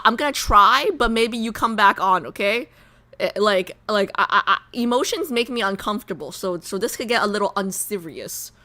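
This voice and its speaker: A woman's voice: on the high side, sharp tone. A young woman streamer chatting casually on a live stream, nervous and rambling, repeating herself.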